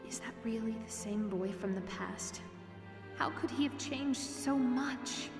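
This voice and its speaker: A woman voicing a gentle young woman fighter who can sense spirits, speaking softly and earnestly, in a dubbed animated film. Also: on the high side, measured pace, echoey room, long reverb tail, loud music behind the voice. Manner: soft, earnest, worried.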